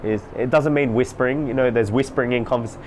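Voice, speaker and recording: Speaking fast in a steady, medium-pitched voice, a man coaches viewers on social life in a solo talk to camera. He's emphatic and repetitive, mimicking voices as examples, and there's slight background noise.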